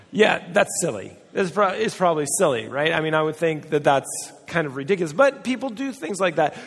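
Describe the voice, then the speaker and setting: Here the pastor's voice is high, creaky and fairly bright as he gives a comic sermon. His delivery feels like conversation, peppered with jokes and impersonations of those he quotes, and the church hall lends a long, lingering reverb.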